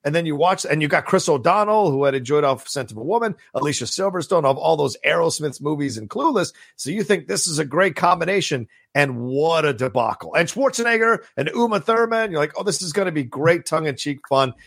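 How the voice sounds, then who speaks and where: Animated raspy-voiced man chatting casually. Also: fairly high pitch, brisk, hardly any pauses, dry recording, clean studio sound. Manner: animated, laughs often, rambling. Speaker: podcast co-host. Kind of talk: casual chat.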